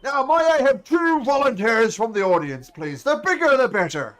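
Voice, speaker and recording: A man's voice: extremely high pitch, big pitch swings, moderate pace, fairly bright tone, faint music behind, pitched above the performer's own voice, heavily acted. A man voicing a boastful male hobgoblin strongman who speaks in short, proud declarations.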